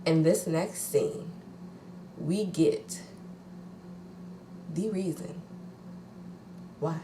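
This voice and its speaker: A woman's voice: low-pitched, drawn-out words, roomy sound, noisy background. A woman recapping reality TV casually, sassy and blunt, swearing freely. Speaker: reality TV reviewer.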